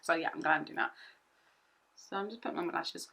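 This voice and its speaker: A young woman chatting through a makeup tutorial at home, excitable and rambling, often repeating herself. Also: deep voice, quick pace, creaky. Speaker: beauty vlogger.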